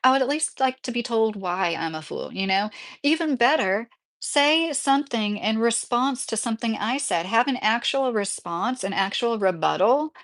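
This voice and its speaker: A woman's voice: fairly high pitch, expressive, normal speed, a bit bright. A woman livestreamer reading out chat comments and answering them in a heated, casual way.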